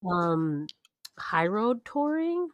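A woman's voice: medium pitch, very animated, drawn-out words, no room sound, highs cut off. A woman co-hosting a podcast in casual chat, eager and affirming, asking follow-up questions. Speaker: podcast co-host.

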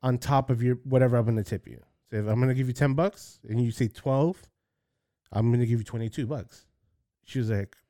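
A man chatting casually and telling an animated story, acting out the quoted voices with sudden jumps in pitch. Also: quick pace, no room sound, clean studio sound. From South Florida. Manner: acts out quotes with jumps in pitch, swears freely.

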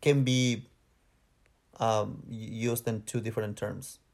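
A man's voice: on the low side, fairly even intonation, slow pace, creaky, a little mellow. A man from Mexico with a Mexican Spanish accent, co-hosting a podcast in casual chat, rambling and correcting himself as he hunts for English words. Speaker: podcast co-host.

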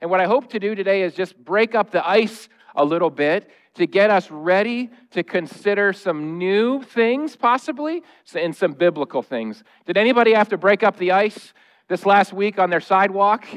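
High-voiced joking pastor. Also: male voice, lively intonation, moderate pace. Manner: humorous, conversational, acting out noises and quotes. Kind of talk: sermon. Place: church sanctuary.

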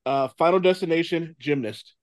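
A man hosting a casual podcast chat, animated, swearing and laughing a lot. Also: fairly high pitch, moderate pace, no echo, clean studio sound. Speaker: podcast host.

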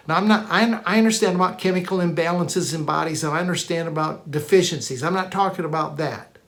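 A preacher delivering a sermon teaching, with emphatic, repetitive declarations and frequent restarts, shifting between quick bursts and slow, drawn-out emphasis. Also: medium pitch, a bit bright.

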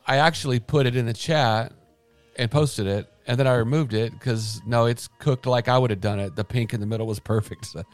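A man's voice: medium pitch, fairly even intonation, fairly quick, dry recording, faint music behind. A man co-hosting a casual morning show, laid-back, drifting into mock quotes as he talks. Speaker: co-host.

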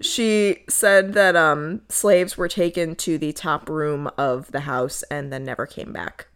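A woman from Connecticut telling a dark history story on a casual podcast, swearing and joking between quotes she reads. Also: low-pitched, fairly even intonation, slow, smooth. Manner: profane, laughing, jokey asides while reading quotes.

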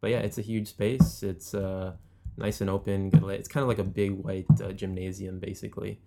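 A man with a Chicago accent speaks in a low, gravelly voice with a dark, mellow tone. He chats casually as a guest and laughs easily. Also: level tone, fairly quick. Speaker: guest, bookstore owner. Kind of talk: casual chat.

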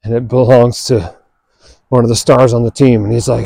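A man hosting a podcast, telling a story in a relaxed, chatty way and acting out the quoted dialogue. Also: mid-range voice, normal speed, gravelly, a little hiss or hum. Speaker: podcast host. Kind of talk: casual storytelling monologue.

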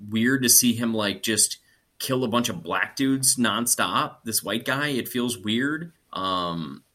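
A man's voice: medium pitch, takes it slowly, sharp tone. A man co-hosting a podcast, chatting casually and bluntly with a laid-back "dude" manner. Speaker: podcast co-host. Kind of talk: casual chat.

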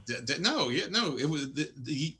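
Man, podcast co-host, casual chat, opinionated, bright tone, lively pitch. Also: moderate pace. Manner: opinionated, lively, stumbling restarts.

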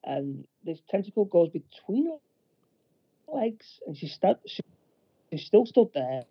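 A man co-hosting a casual chat, recapping a film plot in a halting way with many restarts. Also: high voice, big pitch swings, husky, dry recording, highs cut off. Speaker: podcast co-host.

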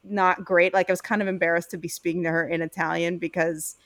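A woman's voice: fairly low pitch, flat delivery, quick pace, a bit bright, no room sound, studio quality. A young woman, co-hosting a casual chat and telling a story full of fillers. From United States. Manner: chatty storyteller with frequent fillers.

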